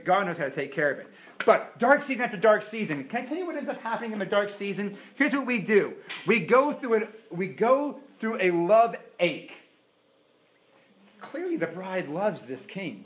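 A man preaching a sermon in church, acting out quoted prayers and swinging between loud bursts and hushed asides. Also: high voice, very animated, moderate pace, slight background noise. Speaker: pastor.

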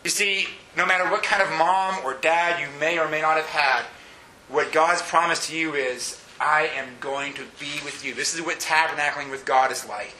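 A male pastor preaching an animated sermon, swinging between hushed asides and shouted peaks. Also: fairly high pitch, moderate pace, reverberant, slight background noise, low-quality recording.

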